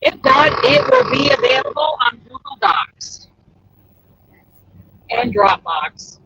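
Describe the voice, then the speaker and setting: Excitable high-voiced woman, dull lo-fi sound. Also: slow pace, heavy background noise. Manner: chatty and excitable, exclaims often. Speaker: crochet pattern designer and host. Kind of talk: casual livestream chat.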